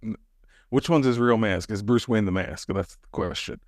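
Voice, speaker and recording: A man co-hosting a podcast, chatting casually and relaxed, often hedging with fillers. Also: on the low side, moderate pace, dry recording, studio quality. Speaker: podcast co-host. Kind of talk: casual chat.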